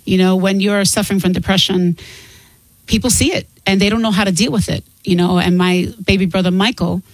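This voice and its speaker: A woman's voice: medium pitch, steady tone, a little fast, no room sound, low-quality recording. Earnest middle-aged woman, candid guest. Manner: candid, earnest, laughs easily. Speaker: guest author and singer. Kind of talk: casual interview talk.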